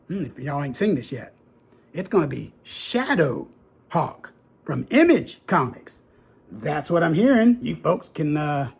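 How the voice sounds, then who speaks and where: A middle-aged man chats casually and eagerly as he unboxes his graded collection, repeating his favorite phrases. His voice sits a bit high, with a gravelly, husky edge. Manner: enthusiastic and folksy, repeats "very cool" and "that's right". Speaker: comic book collector and video host.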